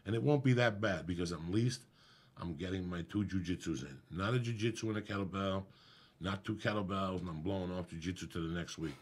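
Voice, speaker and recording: A middle-aged man, a comedian guest, telling a profane, animated story in casual podcast chat. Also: sits low, brisk. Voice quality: gravelly, husky.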